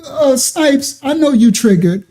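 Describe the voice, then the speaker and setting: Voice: sits high, animated, a little slow, dark tone. A livestream host reading chat comments aloud and mocking a troll, laughing often between taunting questions.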